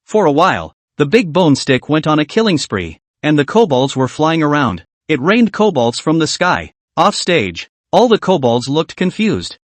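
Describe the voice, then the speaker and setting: Brief: lively male narrator for a comic story recap, somewhat high voice. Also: moderate pace, hardly any pauses, no room sound.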